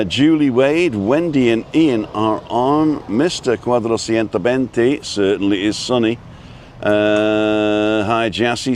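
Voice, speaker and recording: On a street in a seaside town, a man hosts a live walking show, chatting in a casual way, making jokes and reading viewer names. His voice is mid-range, and there's a little hiss or hum in the recording.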